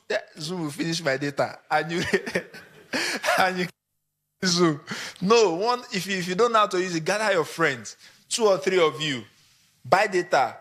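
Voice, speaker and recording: High, bright-voiced Nigerian man speaking. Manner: animated, acts out short quoted examples. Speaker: conference speaker. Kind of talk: conference talk to photographers.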